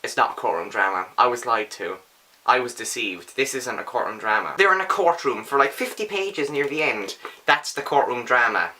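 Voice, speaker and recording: A young man standing at home, giving casual book reviews in an animated, sarcastic way with mock-outraged outbursts. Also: medium pitch, normal speed.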